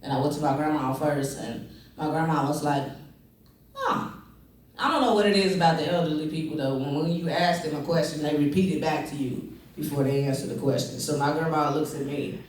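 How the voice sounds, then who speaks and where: A man's voice: on the high side, fast talker, very echoey. Guy doing standup to an empty club, chatty, laughs at his own stuff, mic kinda far off. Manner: loose, conversational, laughing at his own jokes. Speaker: stand-up comedian. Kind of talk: stand-up comedy.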